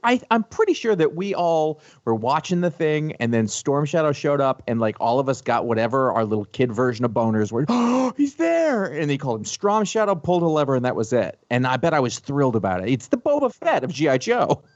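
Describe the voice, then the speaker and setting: A man co-hosting a podcast in casual chat, telling stories in an animated way and laughing often. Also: mid-range voice, fairly quick, few pauses, no room sound, highs cut off. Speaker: podcast co-host.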